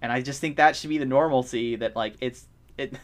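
A man's voice: medium pitch, a little fast. A young man co-hosting a casual movie podcast, ranting with energy and laughing often. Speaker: podcast co-host. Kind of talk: casual movie-review chat.

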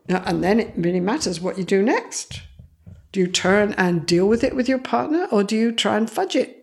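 A woman's voice: mid-range voice, fairly quick. A woman psychologist, a guest in an interview, telling stories and acting out the voices of the people in them. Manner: animated, acts out quoted voices. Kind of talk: storytelling in an interview.

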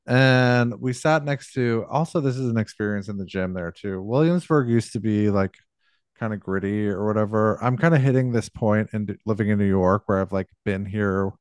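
A podcast co-host chats casually, spinning rambling stories loaded with fillers. His fairly low, clear and resonant voice moves at a moderate pace, with clean studio sound and no echo.

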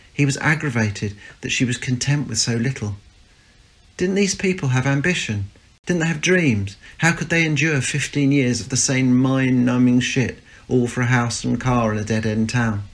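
A man reading a short story aloud in a steady, even narrating voice. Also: mid-range voice. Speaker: story reader.

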